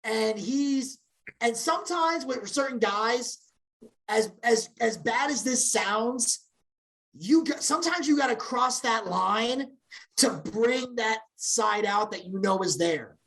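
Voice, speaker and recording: A woman co-hosting a podcast in casual chat, opinionated and blunt, talking in quick bursts full of restarts. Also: a little high, expressive, fairly bright tone. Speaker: podcast co-host.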